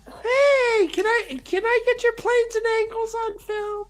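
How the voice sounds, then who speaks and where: A man's voice: extremely high pitch, fairly even intonation, measured pace, faint music behind, pitched above the performer's own voice. A man voicing a pushy, gushing male paparazzo fan who pesters for photos. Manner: squealing, pestering.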